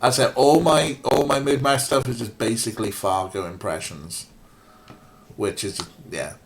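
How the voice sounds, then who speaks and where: A man's voice: mid-range voice, unhurried, creaky, slight background noise. A man casually playing a point-and-click game, reading its text aloud with wry, self-mocking remarks. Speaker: let's play streamer.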